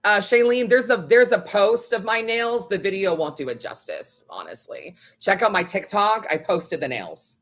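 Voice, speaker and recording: A man's voice: high-pitched, animated, normal speed, hardly any pauses, fairly bright tone. A man hosting a live tarot stream, chatting casually in a blunt, sassy way and swearing freely. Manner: blunt, sassy, swears freely, acts out other people's lines.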